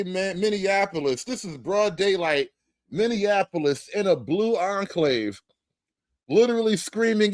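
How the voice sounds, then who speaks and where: A man's voice: high voice, dry recording, clean studio sound. Sarcastic male livestream commentator. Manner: sarcastic, incredulous, loose and rambling. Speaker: streamer and commentator.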